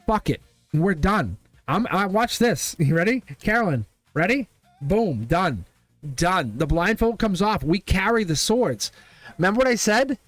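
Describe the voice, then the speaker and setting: A man giving a live-streamed tarot reading in a playful, animated way, laughing often and repeating his phrases. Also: high voice, no echo. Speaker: tarot reader.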